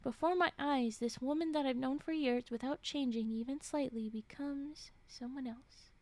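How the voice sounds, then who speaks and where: A woman streamer reading a story aloud with dramatic flair, dropping into whispered asides and reacting out loud between passages. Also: high-pitched, normal speed, no room sound.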